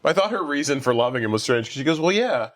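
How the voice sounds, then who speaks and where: Rapid-fire and animated, this man's medium-pitched, somewhat bright voice carries a casual podcast chat about a film. He rambles through the plot using lots of fillers, acting out quotes and laughing.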